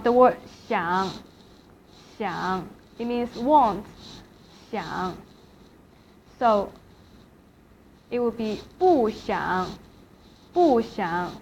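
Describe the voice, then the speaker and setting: Woman, language teacher, slow and deliberate, repeats each word, somewhat high voice, slightly muffled recording. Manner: repeats each word slowly and carefully, modeling tones. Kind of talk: slow classroom lecture. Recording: slightly dull lecture recording with faint hiss.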